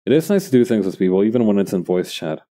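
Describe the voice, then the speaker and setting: Male streamer, casual crafting chat, low mellow voice, lively swinging pitch, rambling. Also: fast talker. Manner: rambling, thinking aloud to viewers.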